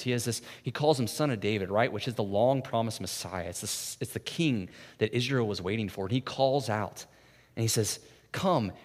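Long large-hall reverb surrounds this medium-pitched pastor, whose sermon feels conversational and is sprinkled with "right?". He moves back and forth between quiet, gentle stretches and loud, intense bursts.

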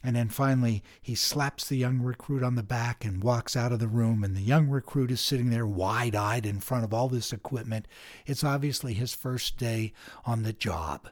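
A middle-aged man hosting a meditation podcast, telling a story in a measured, thoughtful way. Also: mid-range voice. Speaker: podcast host. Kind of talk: reflective spoken meditation.

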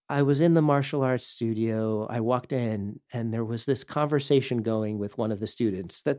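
A man's voice: mid-range voice, a little mellow, no room sound, clean studio sound. A man telling a personal story as a podcast host, rambling with many fillers and growing heated and intense. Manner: heavy fillers and restarts.

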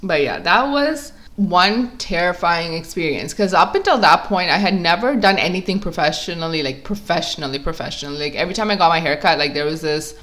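A young woman vlogger telling a casual story, chatty and animated, filling her talk with "like" and acting out what people said. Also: on the low side, a little fast, few pauses. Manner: chatty, filler-heavy with constant "like"; animated, acts out quotes.

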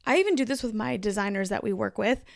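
A woman's voice: mid-range voice, animated, fast talker, gravelly, no room sound, clean studio sound. A woman hosting her own podcast in a chatty, emphatic solo monologue, laughing easily as she talks. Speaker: podcast host.

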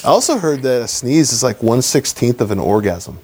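Guy hosting a podcast, gravelly voice, bouncy delivery, cracks jokes. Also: medium pitch, brisk, slight background noise. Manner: joking, lively, laughs often. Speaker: podcast host, physician. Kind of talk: casual chat.

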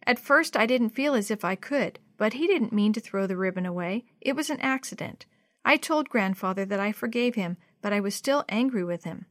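A woman voicing a quiet, soft-spoken young boy in a storybook, reading softly. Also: medium pitch, dry recording, studio quality, close to an everyday voice.

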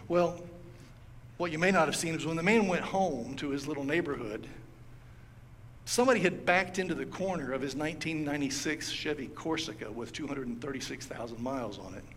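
A man's voice: a little high, brisk, a bit bright, a little hiss or hum. A man preaching a sermon as pastor, telling a story and acting out its quoted lines. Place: church sanctuary. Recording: long hall reverb, faint ambience.

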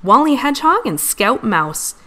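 A woman's voice: on the high side, sing-song, moderate pace, sharp tone, voice pushed up. A woman voicing a friendly, proud boy puppy in a storybook reading. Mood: cheerful. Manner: cheerful, proud.

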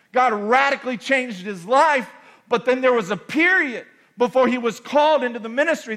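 Man, pastor, church sermon, high-pitched, bright and forceful, repetitive, rises to shouts. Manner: preaching with rising shouts and dramatic acted-out prayers; repeats phrases for emphasis, calls out to the congregation.

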